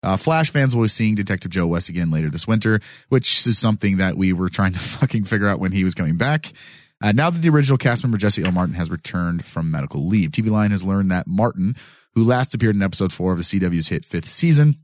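Joking low-voiced man hosting a podcast. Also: expressive, fast, no room sound, studio quality. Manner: loose, joking, rambling with restarts. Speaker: podcast host. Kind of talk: casual podcast chat. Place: small studio.

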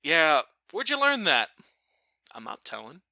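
A man telling a family story in a casual chat, animated and often breaking off to restart his sentences. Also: fairly high pitch, a little slow, vocal fry, no echo. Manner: animated, self-interrupting.

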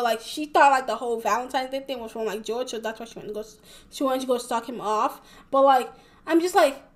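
A young woman rambling casually in a vlog, packing her talk with fillers and swearing a lot. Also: high-pitched. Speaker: vlogger.

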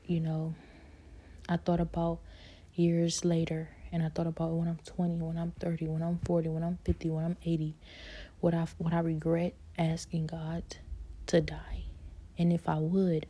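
A woman giving a personal faith testimony in a soft, halting way, often slipping into a whisper. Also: sits low, completely flat delivery, slightly rough. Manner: fillers like "like" and "you know".

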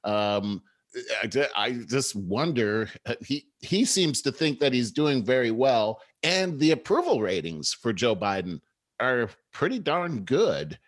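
A man hosting a talk show, telling political stories in a measured, conversational way. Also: mid-range voice, big pitch swings, no room sound. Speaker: show host. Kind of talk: casual political commentary.

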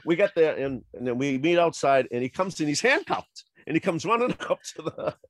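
A man, a salesman telling a funny story in an animated way, laughing as he goes and acting out other people's voices. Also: on the high side, brisk, no echo. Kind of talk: anecdotal storytelling.

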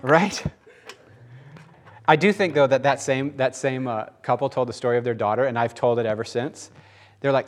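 A man preaching a conversational sermon, animated and joking as he goes. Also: medium pitch, normal speed. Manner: animated, laughs and jokes mid-sentence.

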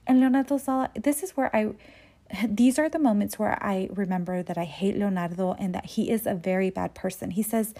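A woman's voice: mid-range voice, a little fast, dark tone. Chatty woman recapping a show. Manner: chatty and conversational, with loose fillers and frank jokes. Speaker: telenovela episode recapper. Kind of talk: casual recap commentary.

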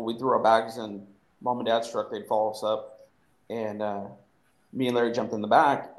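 Male podcast co-host, relaxed rambling anecdote teller, mid pitch, roomy echo. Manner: rambling, filler-heavy, laughing storyteller. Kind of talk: casual storytelling chat.

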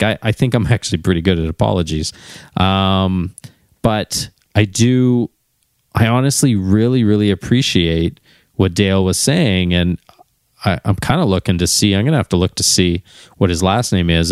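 A man's voice: low-pitched, moderate pace, no room sound, clean studio sound. A middle-aged man talking through a personal reflection, candid and musing, often searching for his words.

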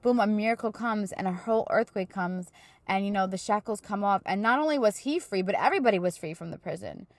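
A woman's voice: mid-range voice, quick pace, no room sound. Earnest woman in her thirties, dry sound. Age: 30s. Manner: earnest, chatty storytelling with lots of fillers. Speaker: podcast host. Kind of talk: casual faith talk.

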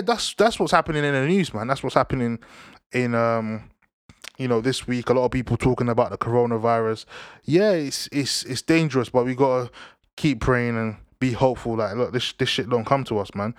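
Young London lad hosting a chat show, slangy and repetitive, mid pitch, recorded close and dry. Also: male voice, no echo. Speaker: podcast host. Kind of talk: casual news and football chat.

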